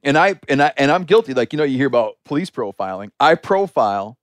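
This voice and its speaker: A man hosting a podcast, spinning a story in a lively, chatty way with plenty of "like" fillers. His voice sits at an ordinary middle pitch and is recorded close on a studio mic in a dry, dead room. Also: fast talker, no echo. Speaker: podcast host. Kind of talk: casual storytelling conversation.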